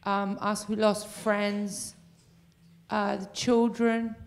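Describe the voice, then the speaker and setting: Slow, halting woman from the audience. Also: medium pitch, level tone, creaky, slight background noise. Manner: heartfelt, halting, with pauses and fillers. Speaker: audience member, resident. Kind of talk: question from the floor.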